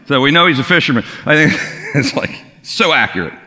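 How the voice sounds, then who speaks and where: A man preaching a relaxed, conversational sermon, telling the story as if chatting with friends. His voice is bright and forceful. The long reverb of a big church hall trails after each phrase. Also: fairly high pitch, brisk. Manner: casual storytelling with lively acted quotes. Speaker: pastor. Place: church sanctuary.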